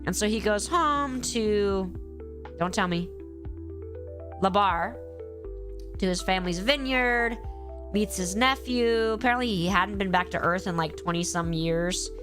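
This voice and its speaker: A woman's voice: medium pitch, unhurried, pauses often, over music. A woman with a cold, tired and rambling casually on a live stream, swearing freely and answering her chat as she goes.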